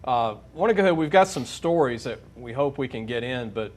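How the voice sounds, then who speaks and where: A man hosting a sports talk show, mid-pitched and easygoing. He chats loosely and keeps steering his guests with questions, often restarting his sentences. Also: expressive, a little fast. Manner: chatty, leading questions, many restarts. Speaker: radio sports show host.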